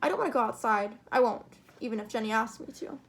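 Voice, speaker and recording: Woman, story reader, expressive narration, slightly high pitch. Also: fast talker. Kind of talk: reading a short story aloud.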